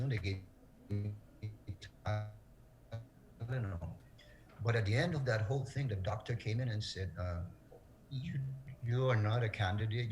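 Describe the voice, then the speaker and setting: A middle-aged man speaking as an interview guest, telling a personal story in an earnest, halting way, his voice breaking with emotion. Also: on the low side, a little hiss or hum.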